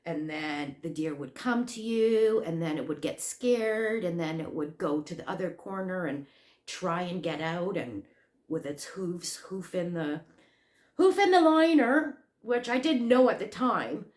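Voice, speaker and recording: A Canadian woman with a somewhat low voice tells a story at an unhurried pace for her crochet channel's casual vlog. Her animated retelling rambles and restarts, with gaps filled by ums and uhs, in an echoey room.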